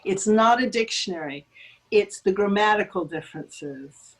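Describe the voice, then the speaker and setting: A woman's voice: mid-range voice, lively intonation, unhurried, low-quality recording. A woman, a linguist, chatting as an interview guest over a video call, talkative and self-deprecating with frequent ums. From United States. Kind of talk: conversational interview.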